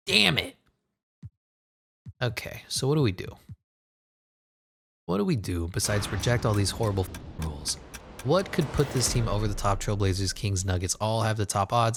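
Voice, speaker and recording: A man giving casual, excitable commentary over a basketball video game, joking, laughing and swearing as he plays. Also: fairly low pitch. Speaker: gaming commentator.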